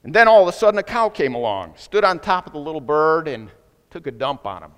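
A man preaching with a fairly high voice that lifts when he acts out the people in his story. His words ring out in a large hall with a long echo behind them. He is a pastor delivering a sermon. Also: a little fast, smooth. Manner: storytelling preacher, voices quoted speakers with rising excitement.

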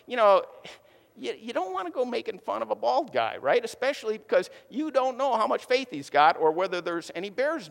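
Male preacher, casual chatty sermon, somewhat high voice, long hall reverb. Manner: casual, chatty storytelling with many fillers.

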